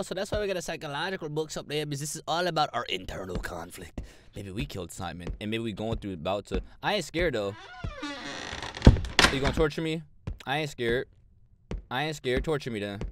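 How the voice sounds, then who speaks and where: A man's voice: mid-range voice, expressive, fast, a bit bright, slight background noise. A young man giving horror game commentary, brashly trash-talking in slang. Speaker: gamer. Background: game music.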